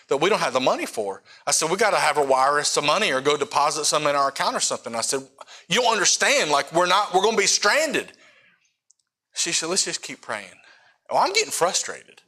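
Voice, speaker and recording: A man's voice: fairly high pitch, sharp tone. A middle-aged male missionary preacher telling a personal testimony in a casual, conversational way, often checking in with his listeners. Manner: casual storytelling with frequent asides to the audience. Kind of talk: sermon testimony.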